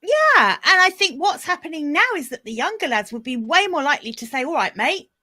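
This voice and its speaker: A middle-aged woman with a British accent talks in a relaxed, chatty way. Her voice is bright and forceful and sits a little high. She keeps acting out everyday phrases as she explains them. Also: brisk. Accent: British English. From England. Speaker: guest. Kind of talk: casual chat.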